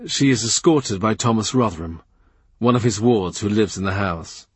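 A man narrating an audiobook in even, vivid storytelling. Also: fairly low pitch, normal speed, slightly rough, dry recording. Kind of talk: scripted literary narration.

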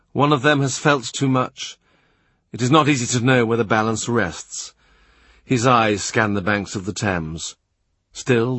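Husky-voiced male audiobook narrator. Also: fairly low pitch, a bit bright, dry recording. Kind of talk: scripted literary narration.

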